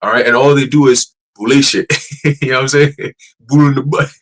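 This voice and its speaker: A man teaching a church group in a loose, casual preaching style, animated and profane, laughing often and restarting his sentences. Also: mid-range voice, normal speed, poor audio.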